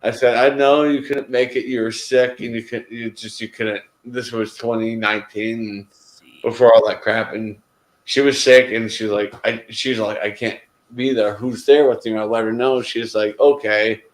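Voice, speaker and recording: A man's voice: mid-range voice, fairly even intonation, moderate pace, echoey room, poor audio. A man in casual group conversation, telling a heartfelt story in a rambling way, often restarting his sentences. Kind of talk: casual chat.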